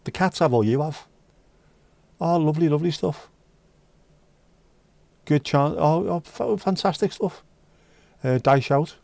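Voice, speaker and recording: Chatty Scouse man, warm mellow voice. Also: on the high side, unhurried, gravelly, long pauses, no echo. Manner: chatty, joking, banters with chat and sings snatches. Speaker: livestream host reading chat. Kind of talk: casual chat.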